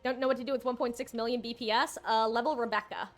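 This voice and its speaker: A woman's voice: a little high, steady tone, fast. A woman streamer chatting casually and playfully while she plays a game, rambling and correcting herself as she goes. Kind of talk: casual live-stream chat while gaming.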